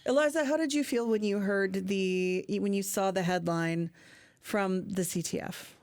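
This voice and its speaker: A woman's voice: mid-range voice, measured pace, a little mellow, no echo. Friendly woman host. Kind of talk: moderating a panel discussion.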